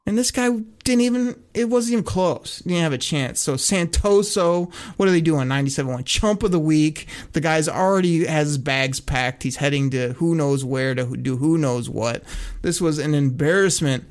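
A man's voice: fairly high pitch, moderate pace. A man co-hosting a casual football talk show, ranting with sarcasm and frequent laughter. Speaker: sports podcast co-host. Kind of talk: casual sports talk rant.

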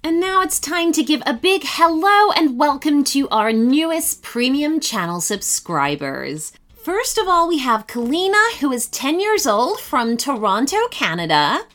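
A woman hosting a children's story podcast, reading in a bright, lilting way. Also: sits high, very animated, unhurried, few pauses.

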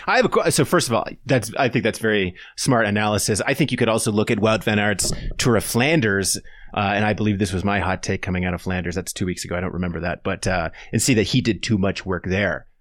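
A man's voice: on the low side, fast talker, a bit bright, no echo, studio quality. A man hosting a casual sports podcast, talking in a playful, jokey way and putting questions to his guests. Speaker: podcast host. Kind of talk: casual cycling chat.

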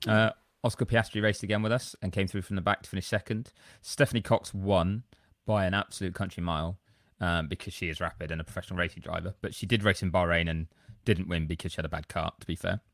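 A man's voice: low-pitched, fairly even intonation, fast talker, few pauses, a bit bright, no room sound, clean studio sound. A man co-hosting a podcast, telling long, rambling, self-deprecating stories in casual chat. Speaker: podcast co-host.

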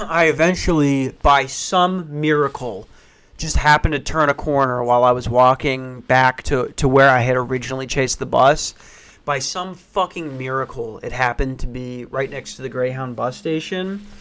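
A man telling a funny personal story in casual, profane, animated style. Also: mid-range voice, smooth. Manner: profane, animated, acts out voices, rushes when excited.

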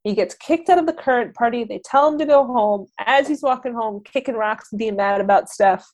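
A podcast co-host with a voice on the high side retells a film's plot fairly quickly in a casual recap chat. She's animated, performing the characters' lines as she goes.

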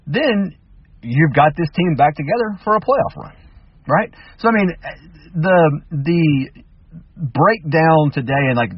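A man arguing his case as a sports talk host, firing off rhetorical questions in a heated, animated way. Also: medium pitch, husky, no room sound, distant mic, lo-fi sound. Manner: animated, argumentative, rapid-fire rhetorical questions. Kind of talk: sports radio commentary.

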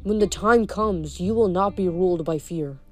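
A woman voicing an ancient, fading male nature god, speaking softly and sorrowfully. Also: fairly low pitch, lightly acted. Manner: soft, slow, sorrowful delivery.

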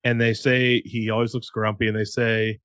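A man's voice: lowish voice, level tone, moderate pace, a bit bright, dry recording, studio quality. A man hosting a casual podcast, telling rambling, self-mocking stories. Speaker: podcast host. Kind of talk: casual chat.

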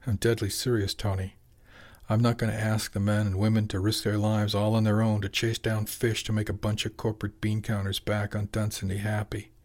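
A man's voice: lowish voice, completely flat delivery, brisk, darkish tone, close to an everyday voice. A man voicing a jolly, determined middle-aged fishing boss who talks plainly and persuasively.

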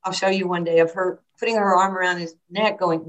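In a rough recording, a basketball coach from New York speaks a little fast with few pauses, her voice on the low side. She's an animated storyteller in this interview, performing the quoted lines herself.

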